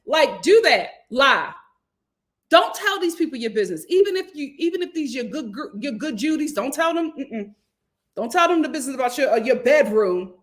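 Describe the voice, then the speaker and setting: Sassy woman giving her reality tv takes, kinda high voice, animated. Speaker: reality TV reviewer. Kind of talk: casual commentary vlog.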